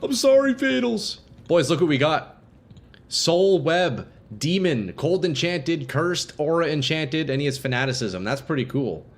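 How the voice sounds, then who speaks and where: A man's voice: fairly high pitch, lively intonation, measured pace. A young man streaming a game live, chatting casually with viewers and swearing freely. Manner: laid-back, swears freely, chats with viewers.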